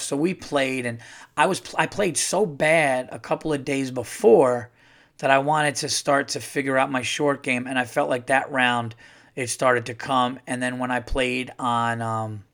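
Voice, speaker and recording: A man's voice: mid-range voice, a bit bright. A man hosting his own podcast alone, rambling and swearing as he rants in a worked-up way. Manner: rambling, profane, worked-up ranting. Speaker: podcast host. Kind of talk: casual solo podcast monologue.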